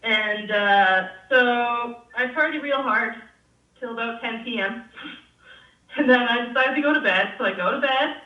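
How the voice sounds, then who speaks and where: A woman's voice: a little high, a little slow. A young woman telling a story in casual chat, swearing freely and laughing as she goes. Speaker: guest. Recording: roomy, distant, dull sound.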